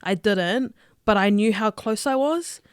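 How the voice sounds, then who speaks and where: A young woman, a rugby player telling her story as a podcast guest, lively and laughing, with lots of "like" fillers. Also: medium pitch, a little slow, smooth, no echo, clean studio sound. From Australia. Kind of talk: casual interview storytelling.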